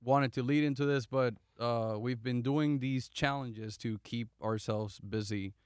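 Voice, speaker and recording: A man's voice: medium pitch, steady tone, darkish tone, clear, resonant tone, dry recording. Casual rambling man, dry close sound. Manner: rambling, halting with restarts and fillers. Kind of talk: casual chat.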